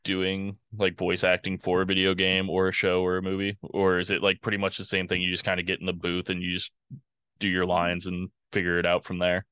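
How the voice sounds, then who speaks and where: A man's voice: deep voice, completely flat delivery, a little fast, bright, forceful tone, smooth, dry recording. A man co-hosting an interview, asking questions in a joking, self-mocking way. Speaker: podcast co-host. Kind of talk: casual interview chat.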